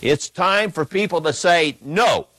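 A man preaching an emphatic sermon in a church, reading a text aloud and swinging between loud peaks and low asides. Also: animated, unhurried, dry recording, low-quality recording.

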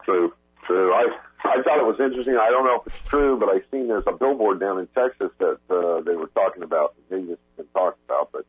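Male guest, very raspy deep voice, hesitant rambling talk, phone-line sound. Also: animated, brisk, no echo. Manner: rambling, hesitant, many fillers. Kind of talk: casual chat.

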